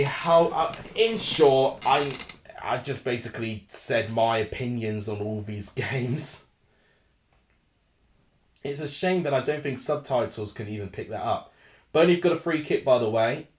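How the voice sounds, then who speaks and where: A man hosting a live football watchalong, excitable and flustered, swinging between ranting and calm analysis over a desk microphone. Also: mid-range voice, echoey room. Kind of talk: live match commentary and chat.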